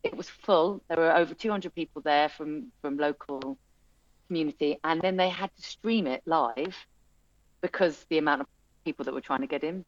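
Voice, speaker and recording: Low-voiced woman, chatty and animated. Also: normal speed, highs cut off. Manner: chatty, animated storytelling with many fillers and restarts. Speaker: music venue owner. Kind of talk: interview conversation.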